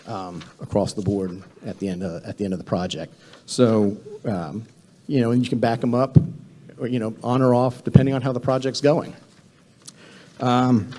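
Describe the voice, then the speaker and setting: A man's voice: mid-range voice, mellow. A man presenting a government contracting training session to a room of attendees, speaking conversationally with frequent fillers and restarts.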